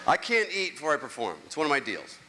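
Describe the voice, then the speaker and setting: Stand-up comic, man, middle-aged, bright edgy voice, rambling self-mocking stories, live hall reverb. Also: on the high side, big pitch swings, fast talker, a little hiss or hum. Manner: rambling, self-mocking storytelling with act-outs. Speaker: stand-up comedian. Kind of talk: stand-up comedy set. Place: large live venue, on stage. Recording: live show audio with long hall reverb.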